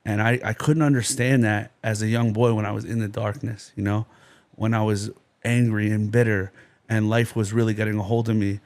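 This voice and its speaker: A man's voice: fairly low pitch, level tone, moderate pace, a little mellow. A man from New Jersey, a podcast guest, telling his life story in an intense, rambling way, full of "you know" and "like". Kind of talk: personal testimony in a podcast interview.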